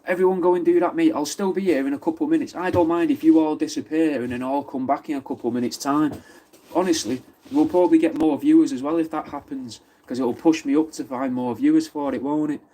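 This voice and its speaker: A man's voice: a little high, fairly even intonation, quick pace, mellow. A man from Manchester with a Mancunian accent, chatting casually on a live stream, answering viewers' comments and swearing freely. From Wythenshawe, Manchester. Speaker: livestream host.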